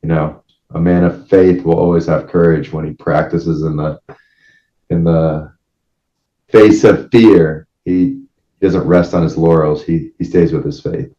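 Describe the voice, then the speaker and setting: A man with a very deep, mellow voice talks earnestly and a little preachily as a podcast guest. His sound is dull and echoey, like a room mic. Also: steady tone, a little slow. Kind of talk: casual chat.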